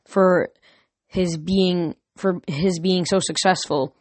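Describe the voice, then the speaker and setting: Woman narrator, lowish voice, steady earnest reading, dry close recording. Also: slow pace, dry recording. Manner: steady, earnest storytelling with occasional slips. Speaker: audiobook narrator. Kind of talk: audiobook narration.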